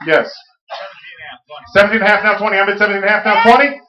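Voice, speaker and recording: A man auctioneer calling bids in a quick, repetitive chant. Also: high-pitched, little pitch movement, bright, forceful tone, lo-fi sound. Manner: rapid repetitive bid chant. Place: auction hall, live audience. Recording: echoey room.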